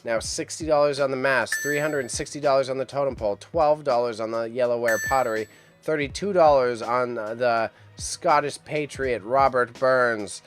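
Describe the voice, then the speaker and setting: A man's voice: mid-range voice, moderate pace, faint music behind. Upbeat man chatting through a live auction stream. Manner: upbeat and chatty, talks to his cat and chat. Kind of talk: casual live-stream commentary.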